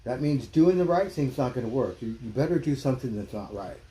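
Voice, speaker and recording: A man hosting a livestream rants bluntly and heatedly, his commentary casual and profane. His mid-range, dark-toned voice moves with lively intonation at a fairly quick pace through a streaming mic.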